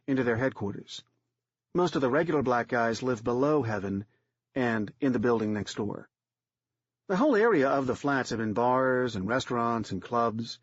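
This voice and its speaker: A man's voice: mid-range voice, no room sound, muffled recording. A man reading a third-person audiobook story in a plain, matter-of-fact manner. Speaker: audiobook narrator.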